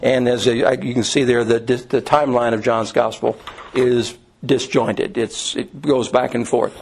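A man's voice: mid-range voice, steady tone, measured pace, creaky, slightly rough, low-quality recording. A middle-aged man leading an informal Bible study class, lecturing in a conversational way with frequent fillers and restarts.

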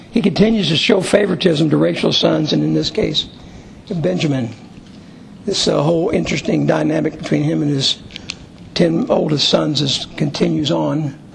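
Guy with a really gravelly voice, a bit high, reading scripture and chatting through it for his bible class. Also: slight background noise, low-quality recording. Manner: conversational and explanatory, with occasional fillers. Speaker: Bible study teacher. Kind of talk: Bible study lesson, reading scripture aloud and explaining it.

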